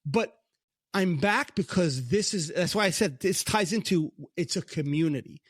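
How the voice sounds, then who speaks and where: A middle-aged man with a Brooklyn accent tells a personal story on a casual faith podcast, talking in a rather high voice. He acts out the lines of others as he goes. The recording is dry and close, with no room sound. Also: moderate pace, breathy edge, dry recording. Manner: animated storyteller, acts out God's lines in a higher voice. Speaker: podcast co-host.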